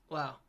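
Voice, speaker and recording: A man hosting a casual livestream, rambling to his viewers while coughing and sniffling from allergies. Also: very high-pitched. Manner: rambling, animated, talks to viewers. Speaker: livestream host.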